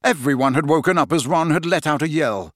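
A man narrating a fantasy novel as an audiobook, with expressive storytelling. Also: fairly high pitch, fairly quick, no room sound, clean studio sound. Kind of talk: scripted narration.

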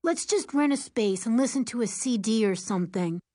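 A woman voicing a brash, excitable teenage boy who blurts out his ideas. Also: fairly high pitch, moderate pace, no room sound, clean studio sound, pitched above the performer's own voice. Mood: excited. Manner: excitable, loud.

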